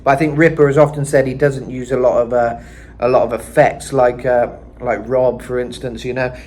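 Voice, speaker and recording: A man talks through a singing lesson in a relaxed, rambling way, circling back with fillers as he explains. His voice sits at an ordinary middle pitch, with a faint hiss underneath. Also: brisk. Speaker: vocal coach. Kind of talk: casual vocal lesson.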